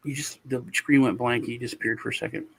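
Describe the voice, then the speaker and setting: A man's voice: mid-range voice, steady tone, fast, a bit bright, slightly rough. A man hosting a show, telling a long story in casual chat over a video call, with lots of restarts and sighs. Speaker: show host.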